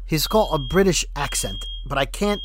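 A man's voice: fairly high pitch, animated, normal speed, slight background noise. A man co-hosting a casual fan podcast, rambling and joking as he talks. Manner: rambling, joking, self-correcting. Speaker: podcast co-host. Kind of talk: casual fan-show chat.

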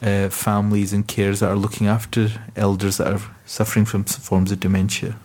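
A man's voice: on the low side, completely flat delivery, fairly quick, a little mellow. A man hosting a podcast, asking questions thoughtfully and hesitantly, with many fillers. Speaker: podcast host. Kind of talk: conversational podcast interview.

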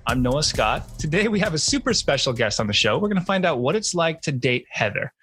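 A man's voice: on the high side, very animated, fairly quick, fairly bright tone, slightly rough, soft background music. A man hosting a dating podcast, interviewing his guest in an upbeat, enthusiastic way. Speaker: podcast host. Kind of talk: casual interview.

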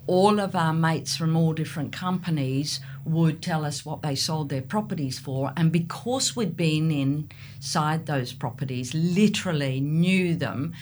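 Low-voiced animated middle-aged woman. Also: a little slow, a little hiss or hum. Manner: animated storyteller, acts out buyers. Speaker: real estate agent. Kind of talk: podcast interview.

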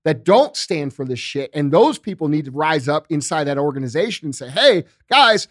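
Middle-aged guy on a podcast, kinda high voice, swears a lot, says bro and dude, super dry mic. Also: animated, a little fast, darkish tone, no room sound. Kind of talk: casual political chat.

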